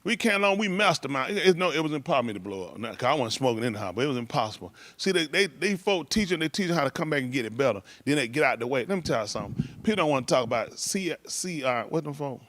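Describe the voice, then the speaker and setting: A man's voice: mid-range voice, very animated, very fast, few pauses, dry recording. A man telling stories in casual talk, rambling loosely and breaking into laughs. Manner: loose rambling delivery with laughs and shouted impressions.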